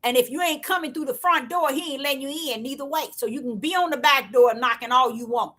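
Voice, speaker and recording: A woman giving a casual, repetitive spiritual talk to her viewers in a preachy, excitable way. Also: high voice, quick pace. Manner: preachy, repetitive, excitable, African American Vernacular English. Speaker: online preacher.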